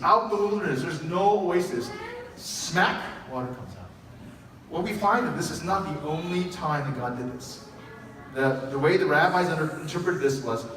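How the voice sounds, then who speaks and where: A man preaching a sermon as pastor, telling stories with quoted dialogue in an animated way. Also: on the high side, a little hiss or hum. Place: church sanctuary. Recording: echoey church hall from a distant mic.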